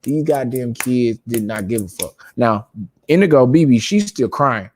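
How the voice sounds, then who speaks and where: In his home studio, surrounded by lights and microphones, a podcast host loosely spins a profane, rambling family story, laughing and voicing the quotes. His medium-pitched voice is expressive, unhurried and a little mellow, with a faint hiss or hum.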